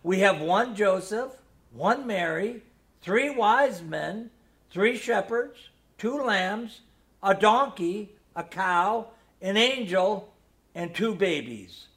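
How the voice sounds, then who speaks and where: Guy reading a fussy mom, gentle and coaxing, high voice, slow. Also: expressive, exaggerated voice. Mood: earnest. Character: fussy earnest mother, middle-aged woman.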